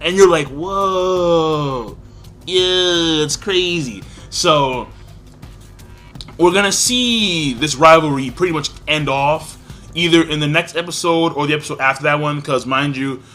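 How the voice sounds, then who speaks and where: An excitable man talks through a casual review in a bright, forceful voice that sits a little high. He keeps breaking into acted-out lines with sudden leaps in pitch. Faint music plays underneath. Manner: excitable, acts out characters' lines with big pitch jumps. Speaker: anime reviewer.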